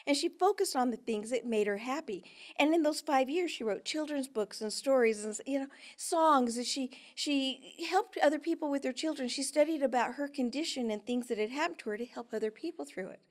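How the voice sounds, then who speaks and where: A woman in her fifties, a guest expert in an interview, telling a personal story with lively shifts between loud and soft delivery. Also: sits high, a little fast.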